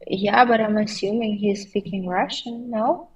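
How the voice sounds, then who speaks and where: A woman's voice: mid-range voice, unhurried, darkish tone, recorded from a distance, lo-fi sound. A woman guest on a podcast in casual chat, speaking unhurriedly with some hesitation. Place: podcast recording in Seoul.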